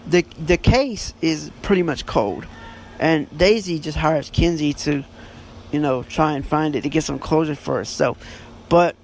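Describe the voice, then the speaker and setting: A man with a rather high voice hosts a podcast and reviews a book in a casual, rambling way. He stumbles through fillers and corrects himself as he goes. A faint noise hums behind him. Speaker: podcast host.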